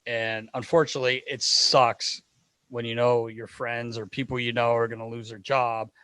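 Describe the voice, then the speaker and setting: A man, a hockey equipment manager, telling a lively story as a podcast guest. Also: medium pitch, moderate pace, clear, resonant tone, no room sound. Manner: lively anecdotal storyteller acting out dialogue. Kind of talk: casual storytelling in a podcast interview.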